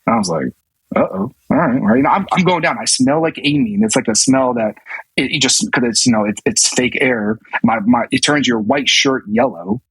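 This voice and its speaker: A man's voice: medium pitch, brisk, fairly bright tone, husky, no echo, rough recording. A man in his thirties, a navy command master chief and podcast guest, telling a story casually with many restarts and acted-out quotes. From US South.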